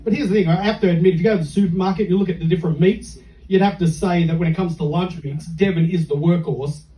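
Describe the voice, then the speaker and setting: Australian man doing stand-up, dark tone. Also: sits high, fairly even intonation, fast. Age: middle-aged. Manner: dry storytelling with self-mocking jokes. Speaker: stand-up comedian. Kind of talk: stand-up comedy set. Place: comedy club stage. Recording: echoey club from far off.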